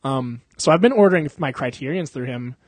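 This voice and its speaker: His mid-range voice is expressive and fairly quick, recorded dry, as the young podcast host rambles and curses through a casual conversation. He laughs frequently along the way.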